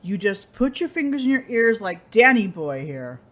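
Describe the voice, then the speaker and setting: A woman's voice: medium pitch, very animated, normal speed. A woman hosting a commentary channel, talking in a sarcastic, exasperated reaction style.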